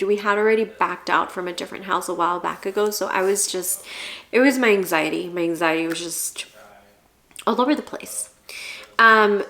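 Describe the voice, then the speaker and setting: A young woman vlogs to the camera about buying a home, earnest and rambling, restarting often and at times tearful and emotional. Her voice is medium-pitched and a bit bright.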